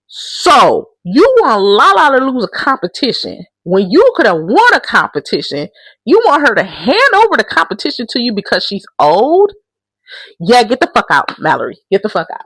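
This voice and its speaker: A woman's voice: mid-range voice, moderate pace, no room sound. A woman talks through the week's reality show drama in a casual, unfiltered way and swears freely. Her voice rises and falls a lot while she tells the story. The sound is close and dry, with no room around it. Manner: blunt, profane, animated storytelling. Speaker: reality show recap host. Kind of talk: casual recap commentary.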